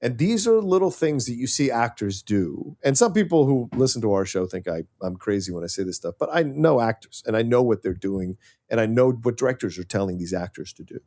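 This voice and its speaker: Emphatic man with a lively voice. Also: mid-range voice, a little fast. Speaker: podcast co-host. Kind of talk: casual film discussion.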